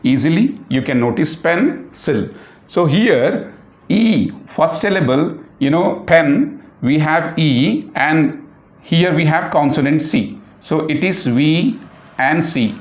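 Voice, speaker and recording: A man whose first language is Urdu teaching a phonics lesson in English, spelling words out letter by letter and repeating himself often with many fillers. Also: on the high side. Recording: echoey room.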